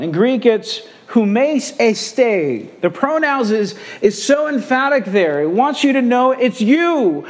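High-pitched guy preaching a sermon, hammers the same phrases over and over. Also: sing-song, slow, hardly any pauses. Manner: emphatic, repeating key phrases. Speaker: pastor.

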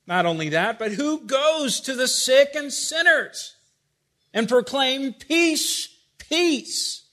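Male preacher, higher voice, expressive sermon delivery, rises and drops in volume. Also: slow. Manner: expressive, rhetorical questions, wide swings in loudness.

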